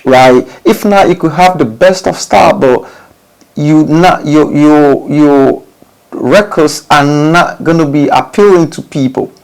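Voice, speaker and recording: A man's voice: a little high, takes it slowly, gravelly, poor audio. A man hosting a studio channel, giving casual advice to recording artists, with emphatic rhetorical questions and many restarted phrases. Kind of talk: casual talk to camera.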